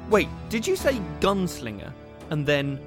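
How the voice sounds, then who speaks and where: A podcast host performs in a comedy sketch. The delivery is quick, exasperated and nerdy. The voice sits at a middling pitch. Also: big pitch swings, music in the background.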